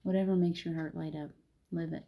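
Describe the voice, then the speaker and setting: A woman's voice: on the low side, steady tone, brisk, creaky, highs cut off. A woman hosting a chatty spiritual live stream and guiding a meditation, laughing often. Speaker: spiritual host.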